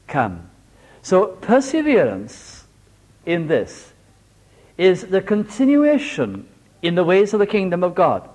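A Welsh man preaching a sermon, animated and homely, telling a simple story with small jokes. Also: on the high side. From Wales.

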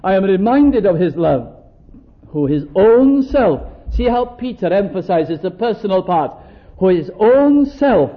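Preacher, male, high voice, gentle earnest sermon delivery with scripture reading; dull lo-fi recording.

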